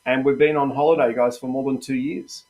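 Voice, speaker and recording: A man's voice: mid-range voice, level tone, brisk, a little mellow. Chatty Australian man hosting a livestream. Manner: chatty and encouraging, says "mate" and "guys" a lot. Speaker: live trading room host. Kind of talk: live-stream trading commentary.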